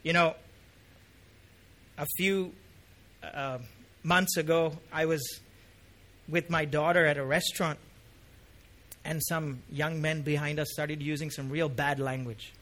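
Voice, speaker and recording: A man's voice: fairly high pitch, steady tone, slow, pauses often, sharp tone. A middle-aged man preaching a sermon as a pastor, talking casually and then rising to impassioned emphasis.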